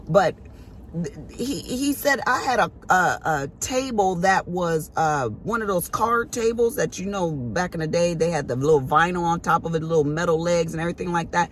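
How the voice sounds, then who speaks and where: A woman's voice: fairly low pitch, slight background noise. A middle-aged woman vlogging, telling a family story to her viewers in a chatty, emphatic, colloquial way.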